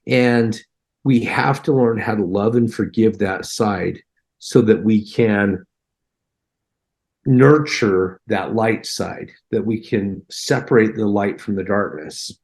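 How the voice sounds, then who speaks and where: A man's voice: lowish voice, slow, a little mellow. A man earnestly recounting a personal near-death experience in a heartfelt, conversational way, acting out his own reactions.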